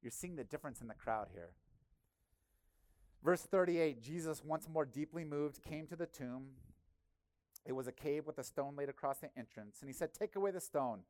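A male pastor preaching a sermon in a conversational, animated way, often acting out quotes. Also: a little high, normal speed, pauses often, dry recording.

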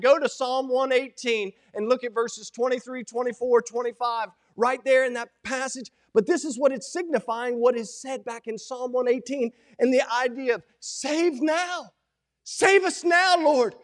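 A man preaching a sermon as pastor. He moves from a quiet prayer into animated teaching that rises to loud quoted cries. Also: very high-pitched. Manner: opens with a prayer, then preaches in an animated way, rising to shouted quotes.

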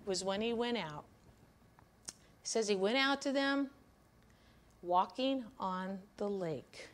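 A woman delivers a weekly devotional sermon, walking through scripture in an earnest, emphatic manner. Her voice sits a touch higher than most women's. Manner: earnest, emphatic Bible teaching. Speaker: devotional speaker.

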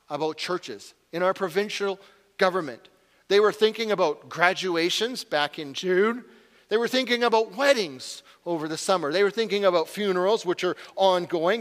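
Male pastor in his 40s, earnest sermon, fairly high voice, long hall reverb. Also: a bit bright. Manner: earnest, confessional, rising to urgent.

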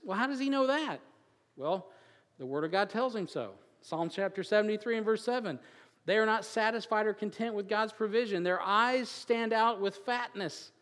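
A man preaching a sermon, moving from quiet joking asides with chuckles to loud, emphatic build-ups. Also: high voice, in a large hall. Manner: chuckles and jokes between scripture readings. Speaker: pastor.

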